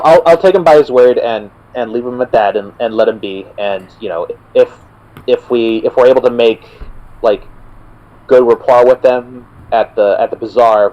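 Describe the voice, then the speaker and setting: A man's voice: medium pitch, normal speed, dark tone, muffled recording. A man playing in a tabletop game, chatting casually and hesitantly, with many fillers and restarts. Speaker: player.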